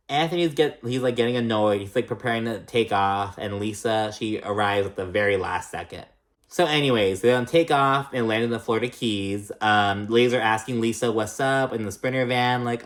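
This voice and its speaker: A man giving a casual recap of a reality TV episode. He talks loosely and swears a lot, fills his sentences with "like", and jumps between high and low pitch when he reacts. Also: a little fast, fairly bright tone. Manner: chatty and profane, heavy use of "like".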